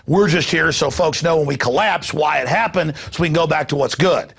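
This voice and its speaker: Brief: fiery male talk show host, gravelly and husky, sarcastic ranting delivery. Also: a little high, fairly quick, a bit bright. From United States. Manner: ranting, sarcastic, mocking asides. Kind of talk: talk radio rant.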